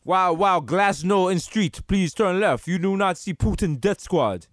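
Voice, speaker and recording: A man voicing a male Russian navigation voice with a put-on Russian accent, speaking halting, mock-formal broken English over a video call. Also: sits high, lively intonation, no echo, studio quality.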